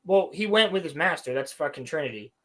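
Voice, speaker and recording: High voice dude recapping a show on a podcast, swears a ton, super animated. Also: male voice, fairly quick. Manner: animated, swears a lot, mimics characters. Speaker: podcast co-host. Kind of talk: casual chat recapping a show.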